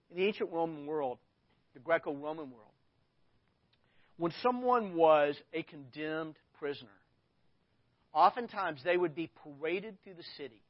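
A middle-aged man preaches in a high-pitched voice, swinging from loud, dramatic scripture readings to plain explanation. The recording is dry and dull, with a muffled lo-fi sound. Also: expressive, normal speed, pauses often, no echo. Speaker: pastor. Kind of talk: sermon.

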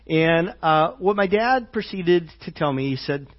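Soft-spoken halting male pastor. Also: on the high side, lively intonation. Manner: halting, many fillers, often drops soft and slow on tender lines. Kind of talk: sermon. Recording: dull lo-fi church audio.

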